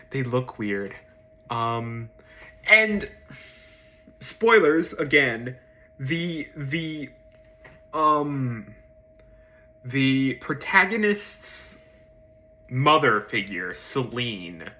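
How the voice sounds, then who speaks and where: A man giving a casual spoken film review, hesitant with many ums and restarts, swearing casually and jumping into excited emphasis. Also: very slow, long pauses. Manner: jumps to excited high-pitched emphasis.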